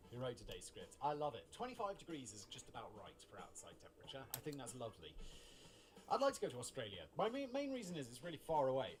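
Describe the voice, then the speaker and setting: A man's voice: mid-range voice, noisy background. A man in his thirties hosting, reading a script and breaking off into chatty, wry asides with the odd swear. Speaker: host.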